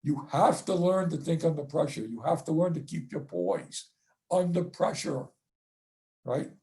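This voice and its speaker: A man's voice: on the high side, expressive, measured pace, warm tone. A middle-aged man giving a football coaching clinic talk, blunt and profane, ending his points with "okay?" and "right?".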